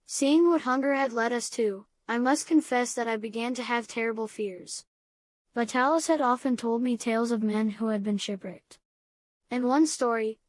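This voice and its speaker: A woman narrating an old novel for an audiobook, clear and even. Her voice is a little higher than most and the recording is dry and close, with no room sound. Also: dry recording. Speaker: audiobook reader. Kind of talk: reading a classic novel aloud.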